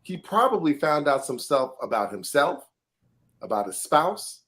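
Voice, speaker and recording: A man co-hosting a casual podcast talks with animated emphasis and frequent laughs. His voice sits a little higher than most men's. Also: measured pace. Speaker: podcast co-host.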